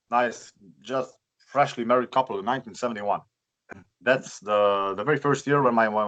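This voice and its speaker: A man from Romania with a Romanian accent, telling a personal story in a halting, chatty way with many repeated words. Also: on the low side, fairly bright tone, lo-fi sound. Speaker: guest, bus collector. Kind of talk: casual storytelling.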